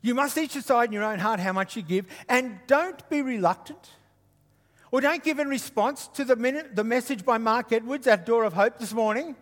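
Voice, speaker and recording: Brief: male preacher from Queensland, very high voice, lively and teasing with the crowd, long hall reverb. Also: normal speed. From Queensland, Australia. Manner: animated, jokey asides to the congregation. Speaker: guest preacher. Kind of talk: sermon. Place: church hall.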